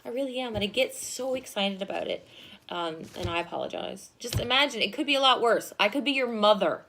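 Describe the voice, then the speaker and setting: Woman teacher, high lively voice, gets loud and fast when excited, laughs a lot. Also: slight background noise. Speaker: history teacher. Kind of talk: recorded classroom lecture.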